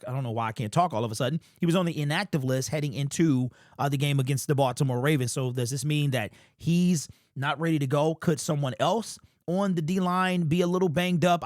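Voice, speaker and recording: Chatty man in his forties, fairly high voice. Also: no echo, clean studio sound. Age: 40s. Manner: chatty and rambling, with many restarts. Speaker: sports YouTube channel host. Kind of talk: casual fan commentary vlog.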